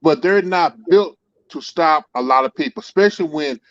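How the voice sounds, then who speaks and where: A man's voice: fairly high pitch, normal speed, no echo, muffled recording. A man calling in to a casual sports talk show, making his points emphatically and repeating words as he builds them.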